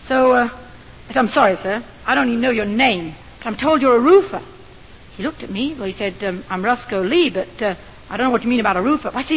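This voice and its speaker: High earnest woman preaching in a hall. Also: fast talker. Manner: earnest, lively storytelling with rising emphasis. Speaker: missionary doctor preaching. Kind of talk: sermon with storytelling. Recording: long hall reverb.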